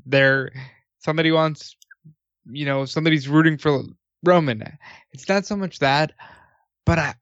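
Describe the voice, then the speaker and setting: A man's voice: fairly high pitch, a bit bright, no room sound, muffled recording. A man in casual wrestling podcast chat, opinionated and profane.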